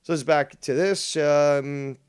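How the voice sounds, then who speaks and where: A man's voice: fairly high pitch, steady tone, slow, smooth. A man streaming a rant in reply to a critic, combative, boastful and full of profanity. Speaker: streamer reacting to a critic's videos. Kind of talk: ranting commentary.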